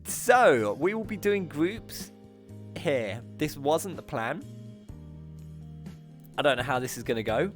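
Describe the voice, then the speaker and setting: Speaking slowly with frequent pauses, a British man with a slightly high, very animated voice hosts a VR talk show livestream over soft background music. Bubbly and affectionate, he greets his chat warmly, giggles often and mocks himself.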